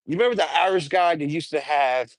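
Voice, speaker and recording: A young man with a voice on the high side streams from his garage, talking quickly and excitably in slang. He keeps things casual and often slips into impressions and humming.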